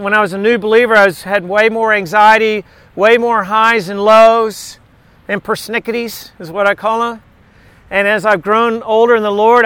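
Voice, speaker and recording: High and sharp with a clean tone on a dry recording, this middle-aged man's voice leads an informal Bible study sermon. He talks conversationally, returns to key words again and again, and works in jokes.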